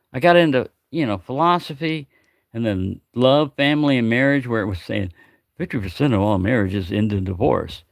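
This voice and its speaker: Gravelly retired man telling rambling stories. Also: medium pitch, no echo, clean studio sound. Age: older. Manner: chatty, repeats words, acts out quoted voices. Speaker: live-stream host. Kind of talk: casual rambling storytelling.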